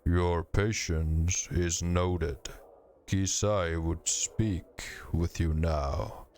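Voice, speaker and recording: Man doing a slow ponderous stone monk. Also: sits low, steady tone, darkish tone, a little hiss or hum, exaggerated voice. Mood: stern. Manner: slow, ponderous, speaks of himself by name. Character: ponderous stern stone-like male warrior monk.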